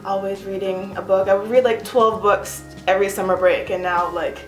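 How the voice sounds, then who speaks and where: A woman's voice: medium pitch, steady tone, normal speed, soft background music. A young woman giving a casual, self-mocking tour of her home art studio, chatty and giggly. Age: young adult. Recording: echoey room.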